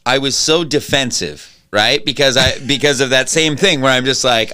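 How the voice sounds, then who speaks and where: Podcast host guy, bright voice, swears a lot, laughs at himself. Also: mid-range voice, normal speed, clear, resonant tone. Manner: profane, self-mocking storytelling. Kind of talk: casual chat.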